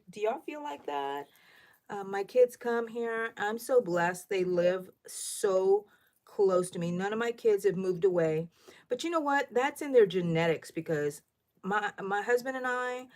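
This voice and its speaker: A middle-aged woman, chatting loudly and thinking out loud while she crochets on a livestream, asking her viewers questions. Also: medium pitch. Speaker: livestream host. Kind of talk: casual crochet livestream chat.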